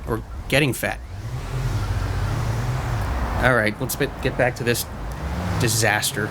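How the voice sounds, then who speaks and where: A man's voice: mid-range voice, fairly even intonation, a little slow, long pauses, very noisy. A man giving rambling, self-mocking commentary over a game he plays at home, often stumbling over his words. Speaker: let's-play gamer. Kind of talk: casual gameplay commentary. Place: messy room at home. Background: loud car and game sounds.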